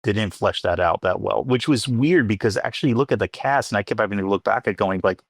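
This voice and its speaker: A man's voice: fairly low pitch, quick pace, vocal fry, husky, dry recording, studio quality. A man, an archaeologist guest on a podcast, chatting casually and hedging his points with many fillers.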